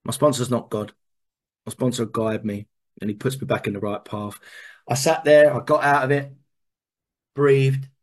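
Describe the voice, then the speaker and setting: A man telling a personal recovery story in a candid, animated way, repeating words and swearing now and then. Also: medium pitch, moderate pace, pauses often. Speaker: speaker sharing a recovery story.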